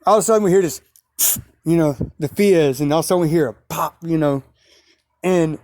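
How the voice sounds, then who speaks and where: Give me a man telling a rambling story outdoors at night, into a phone, with a warm, dry sound. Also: a little high, normal speed, no echo. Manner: rambling, repetitive, with sudden emphatic rises. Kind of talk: casual storytelling vlog.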